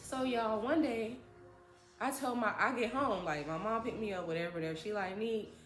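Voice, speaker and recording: A woman's voice: medium pitch, brisk, echoey room, faint music behind. A young woman telling a story in a dramatic, chatty, slangy way, often addressing viewers directly. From New Jersey. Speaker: storytime vlogger. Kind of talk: animated storytelling.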